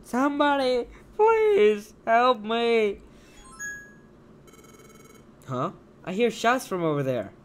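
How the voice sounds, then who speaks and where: A man's voice: sits high, animated, moderate pace, pitched above the performer's own voice. A man voicing a distraught creature parent who pleads for help. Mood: pleading.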